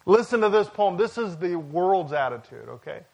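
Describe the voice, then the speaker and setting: Higher-voiced pastor preaching conversationally. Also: male voice, very animated, normal speed, creaky, a little mellow, muffled recording. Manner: conversational preaching with jokes and asides. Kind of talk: sermon.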